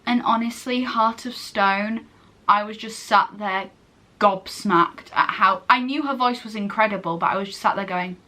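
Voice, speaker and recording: In a casual chat, an English girl in her late teens who vlogs gushes in a rambling way and keeps interrupting herself. She speaks at normal speed, with a medium-pitched voice that is pushed and bright.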